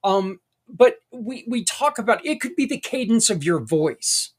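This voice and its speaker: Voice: medium pitch, very animated, a little slow, husky. Folksy rambling podcast host. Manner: folksy and rambling, with tangents and mild swearing; earnest and encouraging. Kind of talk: casual podcast monologue.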